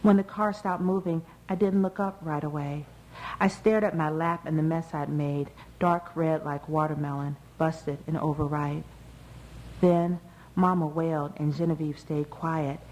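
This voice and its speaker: A woman reading a first-person novel aloud in a measured, even way. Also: low-pitched, a little hiss or hum, rough recording. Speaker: audiobook narrator. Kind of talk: first-person literary narration.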